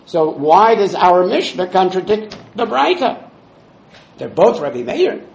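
A man teaching a Talmud class in a fairly high voice that rises and falls a lot. He works through the text step by step, quoting Hebrew and Aramaic phrases, and the room around him echoes. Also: very animated, measured pace, vocal fry, lo-fi sound, a little hiss or hum.

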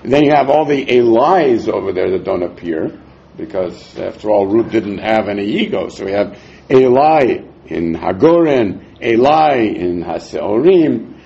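A man teaching a Talmud class, explaining verses in a lively way with frequent chuckles, on a dull lo-fi recording. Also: lowish voice, a little slow, creaky.

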